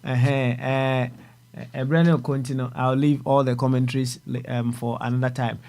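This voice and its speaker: A man with a Ghanaian accent hosting a call-in radio show, speaking calmly with many fillers as he moves between callers. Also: medium pitch, moderate pace. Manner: calm, hesitant, many fillers. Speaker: radio host.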